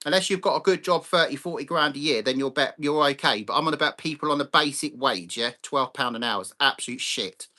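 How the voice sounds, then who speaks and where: A man's voice: medium pitch, a little fast, hardly any pauses, bright, forceful tone. A man hosting a live chat stream. He talks bluntly, swears freely and greets viewers by name. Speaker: livestream host.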